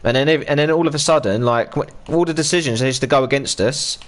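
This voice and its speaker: A man in his thirties with an English accent talks casually while he plays on a live stream. He rants and swears freely, and his voice sits at an ordinary middle pitch. He chats in a loose, unscripted way. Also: fast talker. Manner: ranting, sweary, chatty.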